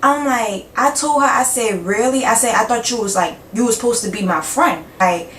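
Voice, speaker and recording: A woman's voice: on the high side, moderate pace. A young woman in a casual storytime vlog, cursing freely and acting out both sides of each conversation. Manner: animated, acts out both sides of dialogue, frequent cursing. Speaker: vlogger. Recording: roomy sound from a distant mic with faint background hum.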